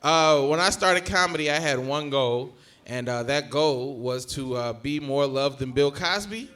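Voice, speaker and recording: A man's voice: mid-range voice, measured pace, a bit bright. A young man from Georgia doing live stand-up in a long comedy club room. He works the crowd on a handheld stage mic with loose, profane banter. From Georgia, USA.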